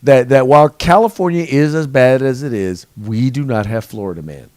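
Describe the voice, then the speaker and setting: A man's voice: medium pitch, normal speed, a little mellow, no room sound. A man hosting a casual political podcast from his studio, mixing sarcastic jokes with news commentary. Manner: jokey, sarcastic asides. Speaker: host. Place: home studio.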